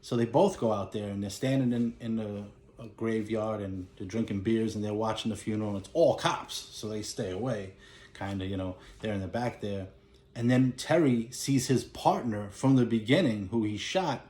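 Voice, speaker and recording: A man's voice: on the low side, normal speed, darkish tone, roomy sound. A man casually recapping a movie plot in a rambling way, with lots of "you know" and "he's like". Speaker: movie collector recapping a film.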